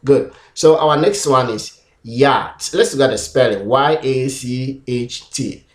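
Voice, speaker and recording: A man's voice: mid-range voice, slow pace, roomy sound. A man teaching an English pronunciation lesson, sounding out and repeating each sound several times on his own camera. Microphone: self-recorded camera.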